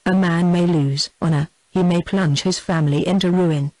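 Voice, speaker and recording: A narrator reading the lines of a calm, measured gentleman in an audiobook, dry and close. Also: medium pitch, no room sound, lightly acted, low-quality recording. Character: calm, stern male gentleman.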